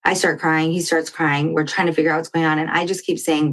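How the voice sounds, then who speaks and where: A woman's voice: low voice, brisk. A woman guest on a talk show, telling a personal story in conversation and acting out what others said. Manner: animated storytelling, acting out quoted dialogue. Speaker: podcast guest.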